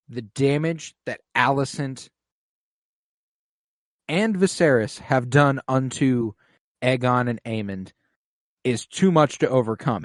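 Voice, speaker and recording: A man's voice: medium pitch, dry recording, clean studio sound. A man co-hosting a podcast, chatting casually and profanely as he recaps a TV episode. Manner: profane, loose, acts out characters in quotes. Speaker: podcast co-host.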